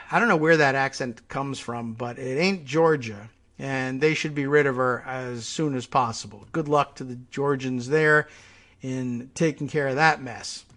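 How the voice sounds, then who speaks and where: A man's voice: fairly high pitch, fairly bright tone. A man hosting a political talk show, talking through the news in an exasperated, thinking-aloud way. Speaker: host. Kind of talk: political commentary monologue.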